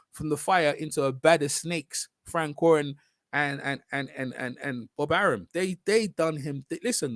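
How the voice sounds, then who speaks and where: Animated man ranting, fairly high. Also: no echo, studio quality. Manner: animated, mocking, repeats himself, drifts into quick asides. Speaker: boxing commentary vlogger. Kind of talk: casual ranting commentary.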